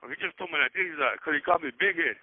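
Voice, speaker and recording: A man rattles off a rambling prison story in crude street slang, his voice pitched a little high. He talks quickly and loops back over the same points. The sound is thin and tinny, like a prison phone line. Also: breathy edge, dry recording. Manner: profane street slang, fast and repetitive. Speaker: prison inmate on a phone call.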